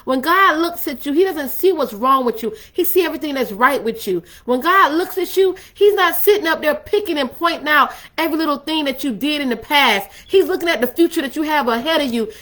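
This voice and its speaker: A woman's voice: sits high, animated, brisk, few pauses, a bit bright. A woman hosting a faith-based talk on love and relationships, speaking in a conversational, emphatic, preacherly way. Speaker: ministry host.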